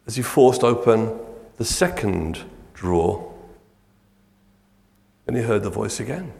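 Brief: older man, sermon, lively storytelling, reverberant hall sound. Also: mid-range voice, a little slow, vocal fry, long pauses. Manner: animated, jovial storyteller. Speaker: preacher. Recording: echoey hall.

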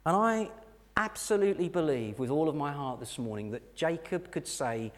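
A middle-aged English man preaching a sermon, telling a personal story earnestly and dropping to soft, intense moments. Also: fairly high pitch, lively intonation, moderate pace. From England. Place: church hall. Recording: long hall reverb.

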